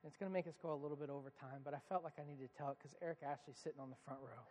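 A man's voice: on the high side, fairly even intonation, rapid-fire, a little mellow, long reverb tail. A man preaching a sermon as the church's pastor, earnest and asking the congregation questions.

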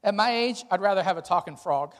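A man's voice: high-pitched, expressive, quick pace, big-room sound, noisy background. A man doing a laconic old fisherman. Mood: deadpan. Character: dry, unbothered old fisherman in his seventies.

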